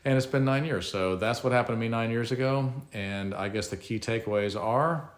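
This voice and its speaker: A man's voice: medium pitch, moderate pace, reverberant. A middle-aged man, telling a personal story in a casual, self-mocking and reflective way.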